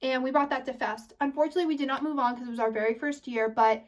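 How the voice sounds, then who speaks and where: A young woman of about eighteen, a high school senior, chatting casually to her viewers, rambling and restarting her sentences. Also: fairly even intonation, fast, far from the mic. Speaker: vlogger. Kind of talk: casual chat to camera.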